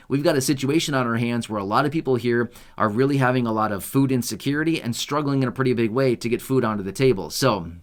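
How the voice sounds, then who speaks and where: A man's voice: medium pitch, fairly bright tone. Male channel host, mid-range voice, conversational commentary with sarcastic asides. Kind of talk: news commentary video.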